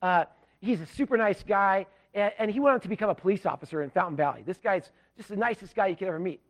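During his sermon, this Southern California pastor shares a self-deprecating anecdote, speaking fast in a high voice. He's animated and restarts often.

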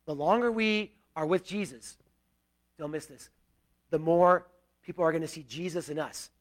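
A middle-aged male pastor preaching a sermon in a conversational way, with personal asides and swings between loud and quiet. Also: a little high.

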